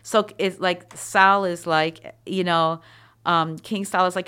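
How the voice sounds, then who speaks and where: Woman, Bible teacher, conversational, animated asides, lowish voice. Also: takes it slowly, clear, resonant tone. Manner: animated, chatty, many asides and fillers.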